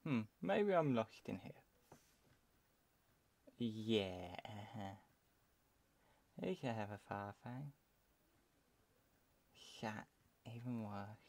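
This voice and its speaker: A man's voice: on the low side, lively intonation, drawn-out words, gravelly, pauses often, darkish tone. A young British man from the UK, chatting and rambling to himself as he plays a video game. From United Kingdom. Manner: rambling, self-talking, trails off mid-sentence. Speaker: let's play commentator. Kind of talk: casual game commentary.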